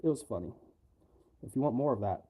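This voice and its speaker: A man's voice: medium pitch, animated, fairly quick, mellow, a little hiss or hum. A man live-streaming from home, talking casually in a flustered, exclamatory way.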